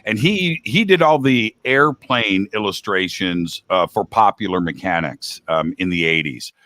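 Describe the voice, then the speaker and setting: A man's voice: on the low side, a little slow, pushed and bright, dry recording. A man talking as a guest host in a casual chat, rambling and laid-back, with a slangy manner.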